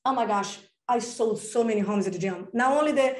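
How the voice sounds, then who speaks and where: An energetic, enthusiastic woman speaking as a real estate coach on a podcast, acting out little dialogues as she talks. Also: a little high, brisk, roomy sound. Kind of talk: casual interview talk.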